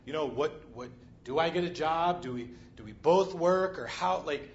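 A man's voice: a little high, expressive, moderate pace, muffled recording, a little hiss or hum. A man preaching a sermon in a conversational way, often checking in with the congregation. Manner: conversational, frequent "right?" and "you know".

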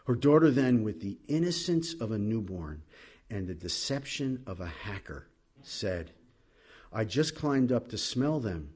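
A man preaching a sermon as pastor, animated, swinging from loud exclamations to low asides. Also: unhurried, breathy edge.

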